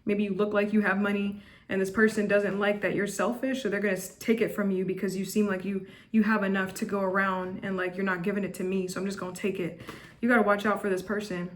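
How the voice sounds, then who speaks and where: A woman's voice: medium pitch, little pitch movement, quick pace. Chatty, blunt woman tarot reader. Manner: chatty, repetitive, with frequent restarts and "like"; blunt and judgmental. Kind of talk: casual tarot reading to camera.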